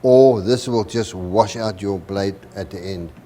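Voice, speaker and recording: A man's voice: fairly low pitch, a little slow, warm tone. A man from South Africa with a South African accent, explaining step by step as a guest on a cooking demonstration. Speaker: guest cook.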